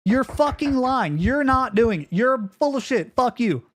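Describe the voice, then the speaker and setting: A man's voice: expressive, unhurried. Profane ranting man with a swooping voice. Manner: profane, heated, swings between yelling and low grumbling; repeats phrases and stumbles over restarts. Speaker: live streamer. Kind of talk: ranting live-stream monologue.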